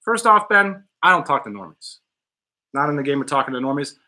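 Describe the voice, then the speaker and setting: A male podcast host with a bright, somewhat high voice. He talks bluntly and jokingly in a relaxed studio chat, swearing now and then. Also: brisk.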